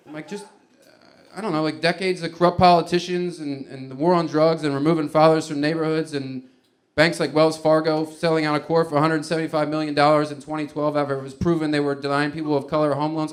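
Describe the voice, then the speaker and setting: A man's voice: fairly high pitch, fairly even intonation, a little fast. A man doing stand-up comedy, telling a loose, rambling story with restarts and fillers and making wry asides to the audience.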